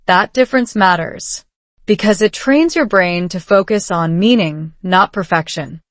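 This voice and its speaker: Calm woman narrating a scripted story. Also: mid-range voice, a little slow, no room sound.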